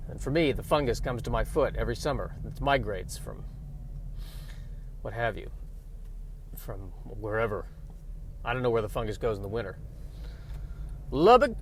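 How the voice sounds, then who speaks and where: A podcast host rambles through a casual monologue on his own show, speaking offhandedly and poking fun at himself. His voice sits in the mid-range, and there's slight background noise.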